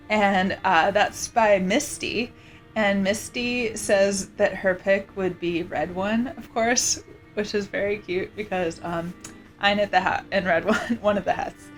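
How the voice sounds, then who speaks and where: A woman vlogger chatting casually, rambling with many fillers and restarts. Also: medium pitch. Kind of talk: casual chat.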